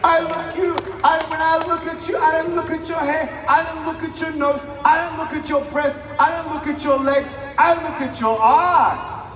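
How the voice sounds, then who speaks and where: A man in his thirties delivers a fiery motivational speech, pushing the crowd to shout words back at him. His voice sits very high for a man. He sounds far from the mic in a big hall with a long echo. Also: little pitch movement, moderate pace, few pauses. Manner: emphatic, preaching, with call-and-response and shouted lines. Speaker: motivational speaker. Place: large hall with a live audience. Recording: echoey hall, distant mic, crowd noise.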